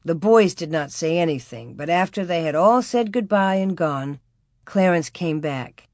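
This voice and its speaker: A woman narrates a storybook with a calm, measured, expressive delivery. Her voice sits a little low, and the recording is dry and close. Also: no echo. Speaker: audiobook narrator.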